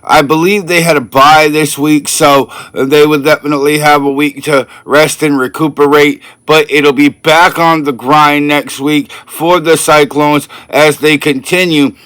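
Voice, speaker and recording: A man's voice: fairly high pitch, steady tone, a little slow, few pauses, fairly bright tone, clear, resonant tone, dry recording. Upbeat man hosting a sports ranking. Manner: chatty, upbeat, addresses viewers directly. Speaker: sports channel host. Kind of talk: casual sports ranking commentary.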